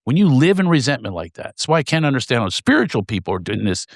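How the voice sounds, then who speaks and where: A middle-aged comedian in a podcast conversation, telling animated stories, acting out quotes and laughing often. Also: male voice, mid-range voice, fast talker, dry recording, studio quality. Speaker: comedian and guest.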